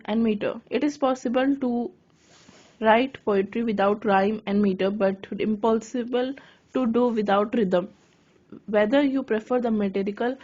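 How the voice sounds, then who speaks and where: A woman giving a lesson on writing poetry, reading her notes aloud haltingly and correcting herself as she goes. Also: on the high side, mellow. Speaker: lecturer. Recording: dull lo-fi recording.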